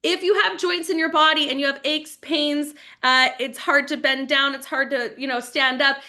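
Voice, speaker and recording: A woman in her forties giving a fast, enthusiastic, chatty live-stream sales pitch for wellness products. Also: fairly even intonation, bright, forceful tone. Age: 40s.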